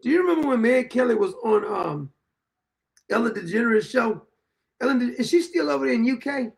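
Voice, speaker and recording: Man in his sixties, ranting commentary host, high voice, heavy gravelly fry, mocking. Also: expressive, fairly quick. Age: 60s. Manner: mocking, insulting, laughs at his targets.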